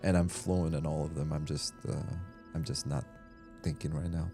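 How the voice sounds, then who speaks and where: A man's rumbling low, creaky voice holds a level tone at normal speed as he streams a game with music playing behind. Casual and rambling, he reads chat aloud and laughs easily.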